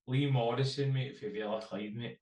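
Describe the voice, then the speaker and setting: A man's voice: mid-range voice, steady tone, normal speed, darkish tone, reverberant, recorded from a distance. A Scottish man co-hosting a casual football podcast, joking around, swearing and calling everyone mate. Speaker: co-host.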